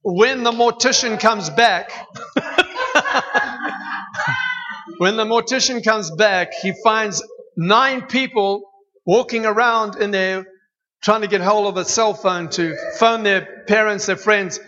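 A man preaching a sermon in a church hall, telling stories with lively humor. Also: high-pitched, a little slow, noisy background. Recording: dull echoey hall recording.

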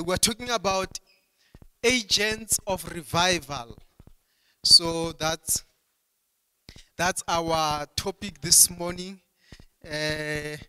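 A pastor preaching a sermon at a church service, emphatic and full of repeated restarts. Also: male voice, on the high side, sharp tone, smooth. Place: church hall during a service. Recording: long hall reverb.

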